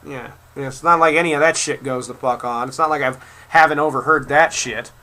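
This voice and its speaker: A furious man in his twenties, a video creator, rants to camera at his critics, cursing hard and stammering as he repeats words. His voice is medium in pitch with a steady, sharp tone, and he speaks fairly quickly.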